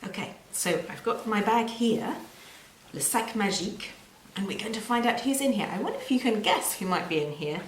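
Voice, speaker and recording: A woman teaching a children's language lesson in a slow, clear and playful way, with repeated words and sound effects. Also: mid-range voice, animated, slight background noise. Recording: roomy echo.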